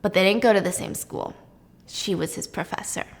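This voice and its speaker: A young woman hosting a casual video, telling a story in a chatty, animated way while baking. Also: medium pitch, moderate pace, creaky. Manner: chatty, animated, laughs often. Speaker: host.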